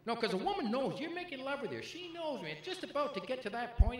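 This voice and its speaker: A man's voice: high voice, very animated, quick pace, hardly any pauses, a bit bright. A middle-aged man doing brash, punchy stand-up comedy on a club stage, bantering with the crowd. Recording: echoey live room with faint ambience.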